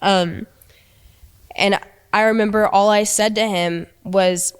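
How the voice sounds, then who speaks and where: A young woman recounting a frightening relationship in a halting way, with many restarts and quoted lines. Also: mid-range voice, steady tone, clean tone. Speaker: interviewee recounting abuse. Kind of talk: emotional storytelling.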